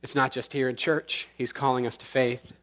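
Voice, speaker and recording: A man pastor preaching a sermon in church, earnest with slow emphatic pauses, then leading the congregation in prayer. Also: medium pitch, level tone, a bit bright. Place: church sanctuary.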